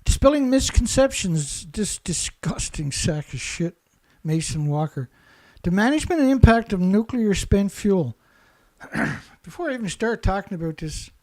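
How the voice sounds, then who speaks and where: Here a male show host with a high, darkish voice launches into a furious monologue. He hurls insults and repeats the same points as he rants.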